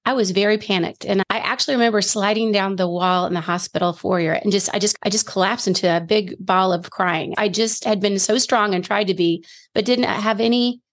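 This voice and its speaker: A middle-aged woman shares her story as an interview guest. She speaks earnestly and leans into key phrases. Her mid-range voice has a gravelly, fry-tinged edge. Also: mid-range voice. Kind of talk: personal testimony in a faith interview.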